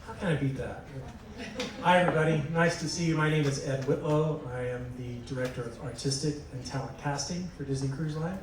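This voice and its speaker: A friendly man with a Southern US accent introduces himself on a live panel. He is picked up from a distance in a very echoey venue. Clear room ambience runs beneath. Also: fairly high pitch, brisk. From Charlotte, North Carolina. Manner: friendly, self-deprecating. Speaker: casting director, panelist. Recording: echoey hall from far off, ambient noise.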